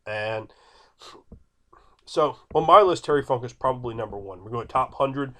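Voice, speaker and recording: A video creator in his thirties delivers opinionated commentary emphatically, repeating his points and arguing with an imagined viewer. His mid-range voice sounds pushed and bright, with lively intonation at a moderate pace.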